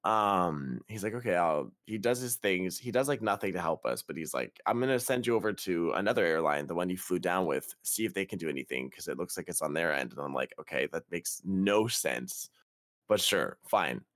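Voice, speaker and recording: A man's voice: deep voice, lively intonation, normal speed, fairly bright tone, no room sound, clean studio sound. A young man hosting a podcast, telling a travel story in casual, profane, exasperated chat. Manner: profane, exasperated retelling with quoted dialogue. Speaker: podcast host.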